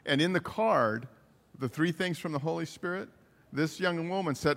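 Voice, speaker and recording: A man's voice: on the high side, normal speed, fairly bright tone, in a large hall. A man preaching a sermon, earnestly retelling stories with quoted dialogue. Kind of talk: sermon storytelling.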